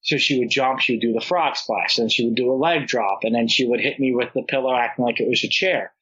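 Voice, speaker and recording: A young man telling rambling, animated stories in casual podcast chat, laughing as he goes. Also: mid-range voice, fast talker, husky. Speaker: podcast guest. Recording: dull lo-fi podcast audio.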